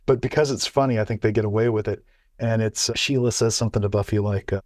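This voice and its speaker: A man's voice: lowish voice, steady tone, fast talker, dry recording, studio quality. A man co-hosting a podcast in casual chat, talking in bursts full of restarts and repeated words. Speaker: podcast co-host.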